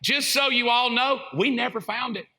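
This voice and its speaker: A middle-aged man with a Southern US accent, a pastor preaching a sermon full of funny stories, animated and self-mocking. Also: very high-pitched, normal speed, very noisy. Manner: animated, self-mocking, acts out voices and sounds. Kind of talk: comedic sermon storytelling. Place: church sanctuary.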